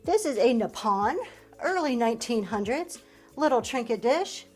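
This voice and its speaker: A woman's voice: on the high side, lively intonation, moderate pace, a little mellow, faint music behind. Chatty woman auctioning trinkets live. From Pennsylvania. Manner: chatty, upbeat, thanks viewers often. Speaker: live-stream reseller host. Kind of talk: live auction selling chat.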